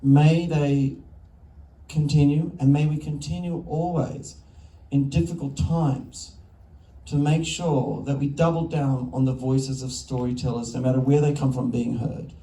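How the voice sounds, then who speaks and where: A man's voice: mid-range voice, measured pace. An Australian man, a film director, telling self-interrupting anecdotes in an onstage festival conversation. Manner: animated, self-interrupting storyteller. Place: festival stage before an audience. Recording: echoey hall, distant mic.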